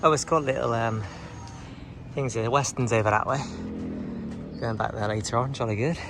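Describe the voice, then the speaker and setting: Walking a hill outdoors near traffic, a man chats to his camera for a casual vlog, muttering asides to himself over music. His mid-range voice has vocal fry and moves at a moderate pace.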